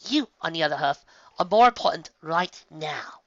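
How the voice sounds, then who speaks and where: Casting: reader doing a refined unicorn lady, bright and dry. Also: medium pitch, expressive, moderate pace, no room sound, dull audio, voice pushed up. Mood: gracious. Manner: gracious, reassuring. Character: refined fashionable unicorn mare.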